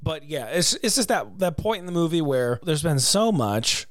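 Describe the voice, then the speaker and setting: Male co-host, wry joker, expressive swings, dry close mic. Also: on the high side, moderate pace, no echo. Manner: wry, joking, swears casually. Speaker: podcast co-host. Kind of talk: casual chat about a film musical.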